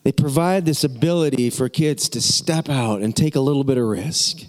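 A middle-aged man preaching with a lively story, acting out voices and shouting encouragement. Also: medium pitch, normal speed. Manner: animated, acts out the people in his story, shouts encouragement. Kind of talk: storytelling sermon.

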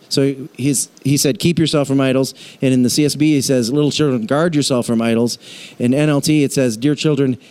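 A man preaching a casual, animated sermon in a church, acting out voices when he quotes. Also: on the high side. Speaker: pastor.

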